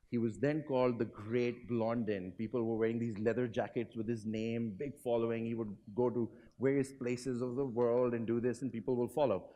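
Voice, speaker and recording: A man giving a motivational business talk, telling a story and quizzing the audience. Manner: animated, swings pitch and volume. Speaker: keynote speaker. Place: hotel conference hall.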